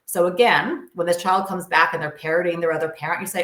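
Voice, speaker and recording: A woman's voice: lowish voice, fast, few pauses, bright, forceful tone, roomy sound. A woman guest explaining co-parenting advice in an interview, earnest and emphatic with frequent fillers.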